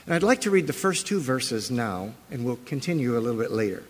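A man preaching a sermon as pastor, conversational and animated, often asking the congregation rhetorical questions. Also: medium pitch, a little fast, hardly any pauses. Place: church sanctuary. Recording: long hall reverb.

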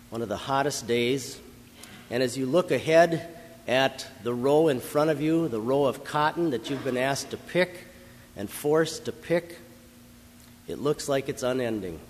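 A man's voice: mid-range voice, long reverb tail. A male pastor giving a dramatic sermon, telling a vivid story and rising into passionate proclamation.

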